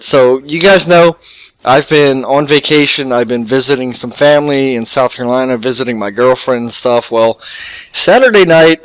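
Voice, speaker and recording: A young man casually telling a long, rambling, profane story to his viewers, animated and full of fillers. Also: mid-range voice, clean tone, no room sound, poor audio. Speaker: gaming YouTuber.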